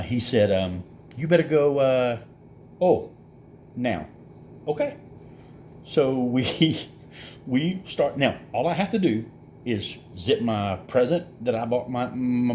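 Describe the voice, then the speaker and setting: A middle-aged man with a drawl tells a story in a relaxed, chatty way. His voice sits at an ordinary middle pitch, and he jumps into the other characters' lines as he goes. A faint hiss runs under the recording. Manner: animated storyteller, acts out quoted voices, laughs through it. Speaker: vlogger. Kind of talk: casual storytelling.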